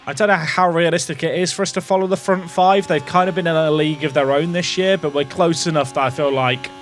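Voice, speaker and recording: A man's voice: fairly high pitch, steady tone, fast, faint music behind. A man hosting and commenting on his racing management game, thinking aloud about strategy with wry asides to his chat.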